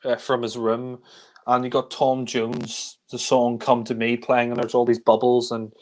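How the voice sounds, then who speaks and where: Casual male reviewer, mid-pitched and rambling, prone to chuckles. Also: completely flat delivery, unhurried. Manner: rambling, chuckles often, many fillers. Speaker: film reviewer. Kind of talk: casual film discussion.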